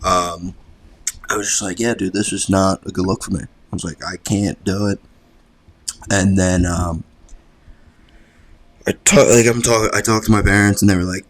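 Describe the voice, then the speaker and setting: It's a casual storytelling chat: a young college lacrosse player, appearing as a podcast guest, recounts something personal to the host in a lowish voice. He talks at a moderate pace with frequent pauses, rambling easily, cursing freely and leaning on "like."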